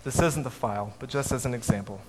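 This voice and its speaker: A man telling a family story to an audience in a measured way, with his voice dropping softly at the ends of lines. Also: medium pitch, breathy edge. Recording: echoey hall, faint background noise.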